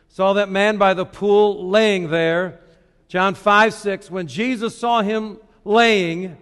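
A middle-aged man preaching a sermon as a pastor, asking rhetorical questions and shifting between hushed and loud passages. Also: high-pitched, big-room sound.

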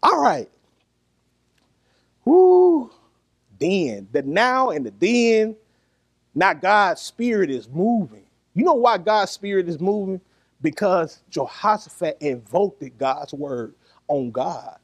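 A male preacher delivers a sermon in a high voice. His pitch rises and falls widely as he calls on the congregation to answer him, and he laughs now and then. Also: takes it slowly. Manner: animated preaching with laughs and call-and-response.

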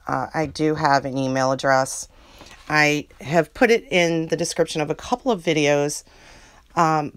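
A woman chats to her viewers in a loose, rambling way, laughing often as she goes. Her voice sits slightly low. The sound is dry and close, with no room around it. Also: clean tone, dry recording. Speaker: channel host. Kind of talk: casual chat to viewers.

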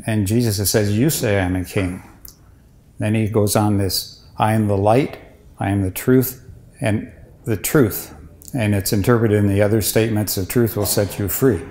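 An older man, a retired bishop, giving an informal lecture on scripture in a measured way, pausing often with "uh" and restarting his sentences. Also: on the low side, fairly even intonation, a little mellow. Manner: measured, with many "uh" pauses and restarts.

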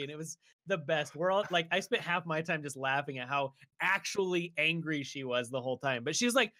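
Young guy podcasting, kinda high voice, rambles on telling stories. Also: a little fast, hardly any pauses, no room sound. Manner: rambling, animated storytelling with shouted impressions. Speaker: podcast co-host. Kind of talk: casual chat.

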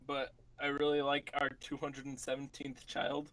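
A man's voice: mid-range voice, monotone, normal speed, a bit bright, a little hiss or hum, low-quality recording. A man co-hosting a podcast in casual chat, asking hesitant, puzzled questions. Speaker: podcast co-host.

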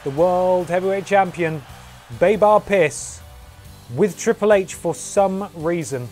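Streamer, jokey fake ringside commentary, slightly high voice, game music faintly under. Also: male voice, slow pace, a little mellow. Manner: playful, jokey, breaks into humming and sound effects. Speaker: streamer playing a wrestling game. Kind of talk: mock wrestling commentary.

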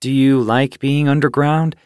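A man's voice: mid-range voice, steady tone, a little slow, darkish tone, clear, resonant tone, no room sound, clean studio sound, lightly acted. A man voicing a young male kitten in an audiobook, curious and hesitant, asking questions. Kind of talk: audiobook character voice.

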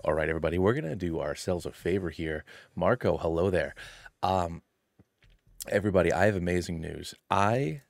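A man's voice: low voice, fairly quick, gravelly, dry recording. A man streaming a video game, chatting playfully and greeting his chat by name. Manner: hushed and quiet at first.

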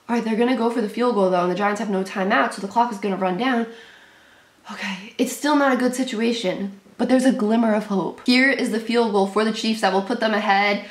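A woman's voice: mid-range voice, steady tone, a little fast. A young woman reacting to a football game as a fan, narrating each snap in short, clipped lines with nervous energy. Her voice sits in an ordinary middle range for a woman. It rings with a hollow echo off the room. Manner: nervous play-by-play, shrieking at big plays; calls plays in short clipped sentences. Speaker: sports fan commentator. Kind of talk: live game reaction commentary.

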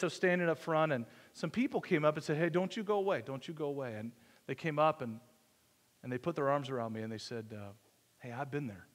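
A man's voice: medium pitch, a bit bright. A male pastor telling a personal story in a conversational sermon, joking at his own expense and acting out the dialogue. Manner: conversational, self-deprecating humor, acts out dialogue. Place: church sanctuary. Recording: long reverb of a church hall.

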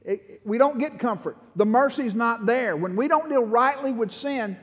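A man's voice: very high-pitched, normal speed, hardly any pauses, breathy edge. A middle-aged man preaching an impassioned sermon as pastor, building to fervent pleading. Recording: long hall reverb.

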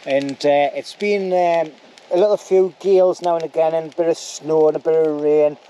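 A man's voice: on the high side, steady tone, moderate pace, a little hiss or hum. A middle-aged man, chatting jokily to a handheld camera outdoors at a wild camp, using dialect slang. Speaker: vlogger on a camping trip. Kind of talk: casual outdoor chat to camera. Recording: outdoor camera audio with loud rain.

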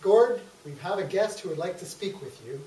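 A man doing a folksy TV psychologist who lectures in homespun sayings, his voice pitched high for a man. He sounds blunt and preachy. The voice carries from far off in an echoey hall. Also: lively intonation, normal speed, mellow. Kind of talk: amateur stage comedy skit.

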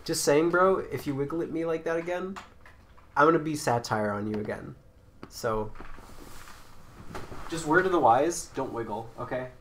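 A woman streaming a game with casual commentary, excitable and swearing, breaking into mock-angry yelling. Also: rumbling low, moderate pace, long pauses, a little hiss or hum. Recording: roomy with faint background music.

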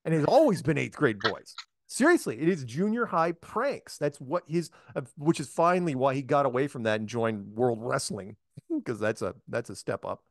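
A man's voice: mid-range voice, normal speed, no echo. A man hosting a casual chat, telling a long story and acting out the voices of the people in it. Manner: animated storyteller, acts out quoted voices. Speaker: host.

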